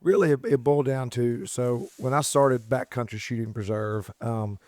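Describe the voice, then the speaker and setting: Male podcast guest, preserve owner, mid-pitched, plain-spoken, recorded dry. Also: normal speed, a little mellow, dry recording. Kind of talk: casual podcast chat. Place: indoors at a hunting preserve.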